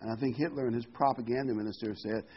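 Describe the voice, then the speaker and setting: A man preaching a sermon, animated and repeating key words for emphasis, heard on a dull lo-fi recording. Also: mid-range voice, quick pace, husky.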